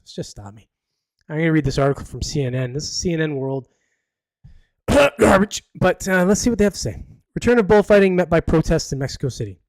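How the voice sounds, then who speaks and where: A man's voice: a little high, no echo. A man hosting a live podcast, reading news aloud with sarcastic, rambling asides. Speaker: podcast host. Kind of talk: casual live podcast commentary.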